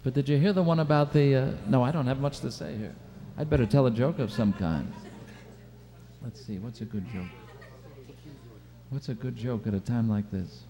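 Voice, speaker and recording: A man's voice: mid-range voice, normal speed, dark tone. A man doing rambling stage patter as a lounge entertainer, telling corny jokes between songs at a live show.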